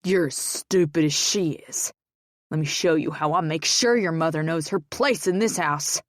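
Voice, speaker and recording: Woman doing a drunk violent brute for an audiobook, snarling crude threats, low and dry. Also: normal speed, no room sound, lightly acted. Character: drunk, violent, abusive grown man.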